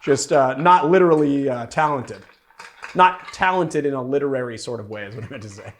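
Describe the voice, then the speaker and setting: There's slight background noise as a young bartender with a mid-range voice talks briskly through a casual cocktail-making show. He rambles playfully and leans heavily on fillers.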